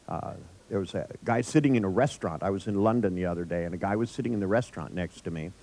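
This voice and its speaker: Male workshop leader, irreverent anecdotal style, quick to laugh at his own stories. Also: sits low, a little mellow. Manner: joking storyteller, laughs often; blunt, irreverent. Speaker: workshop trainer. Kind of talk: live workshop lecture. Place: workshop room with audience.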